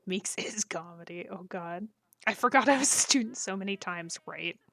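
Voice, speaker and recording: A woman's voice: medium pitch, normal speed, a bit bright, dry recording. A woman live-streaming a game, chatting casually with her viewers and laughing often between jokes. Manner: giggly, breaks into frequent laughter; chatty, jokey, talks to her chat. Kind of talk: casual live-stream chat while gaming.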